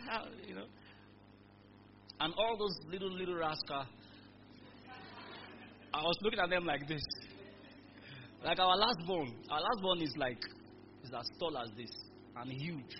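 Over a noisy background, a pastor with a high-sitting voice preaches a little slowly and pauses often. He leads emphatic call-and-response, calling for the congregation to repeat after him, on a dull recording with music behind.

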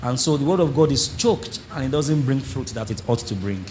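A man's voice: mid-range voice, brisk, slight background noise. A man preaching a sermon to a congregation, acting out churchgoers and calling on the audience to respond. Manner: animated preaching, acts out congregants, calls on the audience. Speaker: pastor. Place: church service before a congregation.

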